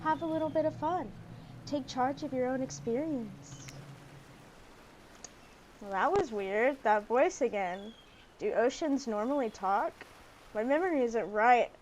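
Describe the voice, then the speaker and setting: In a low-quality recording, a woman whose voice is a little high reads dating-sim dialogue aloud on her stream. She keeps up playful, casual gaming chatter broken by frequent giggles.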